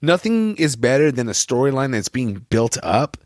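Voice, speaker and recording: A man's voice: medium pitch, very animated, moderate pace, no room sound, clean studio sound. A young man co-hosting a podcast, chatting in an enthusiastic, slangy and profane way. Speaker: podcast co-host. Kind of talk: casual chat.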